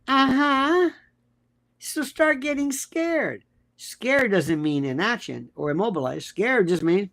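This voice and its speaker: A man's voice: high-pitched, sing-song, normal speed, a bit bright. A man hosting a livestream, reading out viewer comments and answering them in a blunt, combative way with lots of rhetorical questions. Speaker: host and legal commentator.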